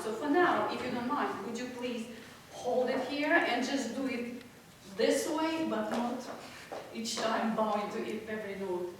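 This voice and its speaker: A fairly high-pitched woman leads a piano masterclass, cheering her student on, laughing frequently and overstating things to get her point across. The distant mic makes the recital hall sound echoey, with background noise and piano playing.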